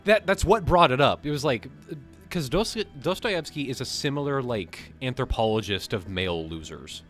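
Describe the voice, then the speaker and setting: An excitable man rambles through a casual livestream chat, breaking into laughter often. His voice sits at an ordinary middle pitch. Faint music plays softly behind him. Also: moderate pace. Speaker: co-host.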